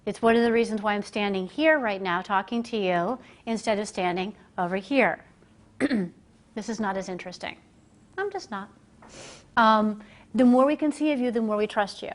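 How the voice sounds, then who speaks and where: Woman coach giving a business talk to a crowd, mid pitch, chatty and animated, does little voices for people she quotes. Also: moderate pace. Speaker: communication coach. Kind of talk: live business presentation to an audience. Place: presentation room, speaking standing before a group.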